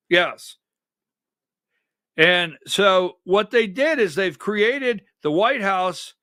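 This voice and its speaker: Sarcastic slow-talking male political host. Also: sits high, pushed and bright, no room sound, studio quality. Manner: sarcastic, emphatic, directs a producer. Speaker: political talk show host. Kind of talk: conservative political commentary.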